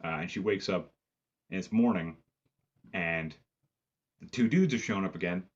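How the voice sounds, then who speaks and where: Low, husky-voiced man; loose, profane, filler-heavy reviewer recap. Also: moderate pace, lo-fi sound. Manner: profane, rambling, lots of "like" fillers. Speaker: movie reviewer. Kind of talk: casual film review recap.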